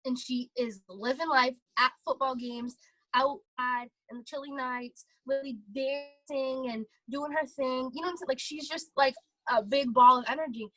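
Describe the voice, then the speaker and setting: A young woman talking casually and excitedly on a motivational vlog, full of fillers. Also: high-pitched, moderate pace, no echo, low-quality recording. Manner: chatty, filler-heavy, excitable. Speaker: vlogger.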